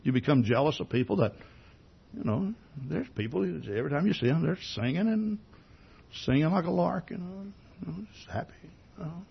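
A man preaching a sermon with a husky, slightly high voice whose pitch swings freely. He talks to the congregation conversationally, firing off rhetorical questions and stumbling over repeated words as he starts a sentence. The recording sounds dull and lo-fi. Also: lively intonation, fairly quick. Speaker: pastor.

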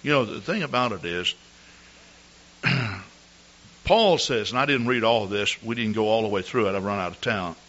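Male pastor, lively sermon delivery on a dull lo-fi church recording. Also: fairly low pitch, normal speed, long pauses. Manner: animated storytelling preacher, clears throat often. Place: church service.

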